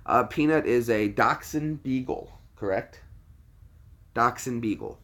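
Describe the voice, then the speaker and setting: A man's voice: medium pitch, a little slow, a bit bright. A man from the United States hosting a casual livestream, jokey, laughing easily and chatting with viewers. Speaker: livestream host.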